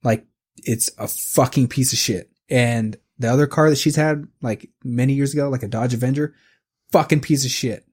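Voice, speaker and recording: A man's voice: medium pitch, darkish tone, husky. A man in his forties co-hosting a podcast, rambling and ranting with lots of swearing. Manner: rambling, profane ranting, quick restarts. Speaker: podcast co-host. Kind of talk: casual podcast chat.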